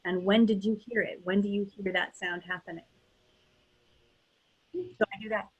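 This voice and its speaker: A woman's voice: mid-range voice, steady tone, moderate pace, slightly rough, highs cut off. A woman who works as a dialect coach, answering interview questions over a video call in a thoughtful, candid way, with many fillers and restarts.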